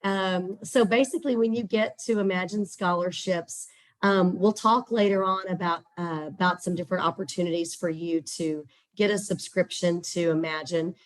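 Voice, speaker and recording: Woman, Texas accent, hoarse, lowish voice, chatty and upbeat, lots of fillers, webinar guest on a video call. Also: fairly even intonation, moderate pace. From Central Texas. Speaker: guest presenter for a scholarship platform. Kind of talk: webinar presentation with screen share.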